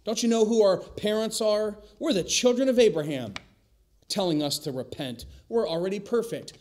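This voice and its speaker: A proud, indignant religious elder who bristles at any call to repent, his voice raised high and loud with offended questions, as a male preacher acts him out. He sounds pompous and affronted. Each line lands as a scornful challenge. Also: normal speed, close to an everyday voice. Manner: haughty, outraged rhetorical questions.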